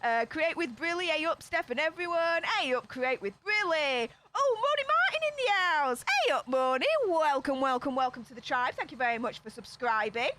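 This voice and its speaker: A woman's voice: sits high, background noise. A woman in her thirties with a Yorkshire accent, hosting a casual livestream and greeting viewers in a sassy, chatty way. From Yorkshire, England. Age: 30s. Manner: sassy, chatty, quick greetings with northern slang. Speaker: livestream host.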